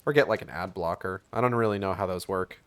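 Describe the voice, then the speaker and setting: A man streams a video game, chatting casually and sarcastically, swearing, and reading on-screen text aloud. His voice is low and fast.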